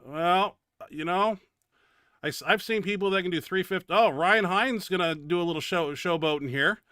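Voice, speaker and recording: A man's voice: sits high, moderate pace, pushed and bright, clear, resonant tone, dry recording, studio quality. A man hosting a bench press show, giving casual, blunt, profane commentary over his training footage. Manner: blunt and profane, grumbling about his own setback.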